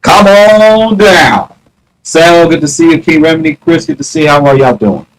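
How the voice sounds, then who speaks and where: Brief: man, slightly high voice, loose rambling livestream chatter, phone mic. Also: low-quality recording. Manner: rambling, greets chat viewers by name; mock-challenging, drawn-out taunts. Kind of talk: casual live stream chat.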